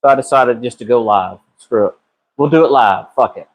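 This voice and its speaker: Over a rough phone-camera recording, a garage car builder talks to his live chat about a transmission repair in a brisk, mid-range voice. He's laid-back, with a drawl and casual cussing, and he answers people by name.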